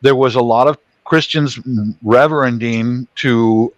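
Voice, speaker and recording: A man's voice: mid-range voice, a little slow, dry recording. Man, mid-range voice, casual storyteller, dry close recording. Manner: storytelling, animated retelling. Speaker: panelist. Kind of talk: casual chat.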